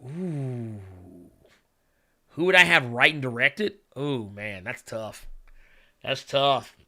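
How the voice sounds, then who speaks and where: A man's voice: medium pitch, expressive, measured pace, bright, forceful tone. A man hosting a casual solo show, rambling with many fillers, humming while he reads viewer chat and turning blunt and profane when he rants. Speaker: podcast host.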